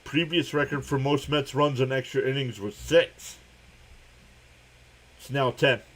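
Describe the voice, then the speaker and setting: A man's voice: fairly even intonation, measured pace, a bit bright. A young man hosting a live stream, giving casual play-by-play of a baseball game, reading viewer comments and laughing often. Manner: laughs often while calling pitches and reading chat.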